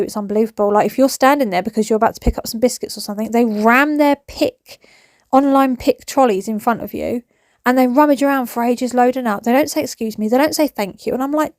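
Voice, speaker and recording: Chatty woman with a bright voice. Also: on the high side, no echo, studio quality. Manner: chatty, ranting, self-mocking. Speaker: vlogger. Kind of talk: chatty cleaning vlog narration. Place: family home, kitchen.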